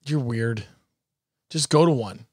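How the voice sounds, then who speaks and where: A man co-hosting a podcast in casual chat, blunt and teasing and quick to laugh. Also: mid-range voice, a little mellow, husky, dry recording, clean studio sound. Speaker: podcast co-host.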